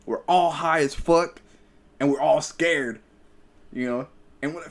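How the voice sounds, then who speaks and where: A man's voice: a little high, unhurried. Profane, rambling young man. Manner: profane, rambling, stammers and restarts. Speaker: podcast host. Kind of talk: casual storytelling chat.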